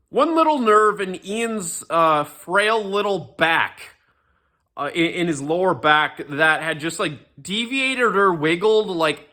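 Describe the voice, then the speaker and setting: Young male ranter, bright and lively delivery, sneering sarcasm, swears freely, casual commentary. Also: on the high side. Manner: sarcastic, profane, mocking, with frequent fillers and restarts.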